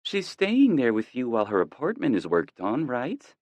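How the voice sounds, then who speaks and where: A man's voice: mid-range voice, huge pitch swings, moderate pace, a little mellow, dry recording, pitched above the performer's own voice. A man reading an audiobook, voicing an anxious, caring middle-aged mother on the phone who asks question after question. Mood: worried, curious.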